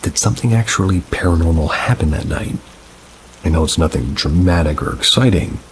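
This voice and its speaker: A man reading first-person paranormal stories aloud in a measured, unhurried storytelling manner. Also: low voice, lively intonation, background noise. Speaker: narrator.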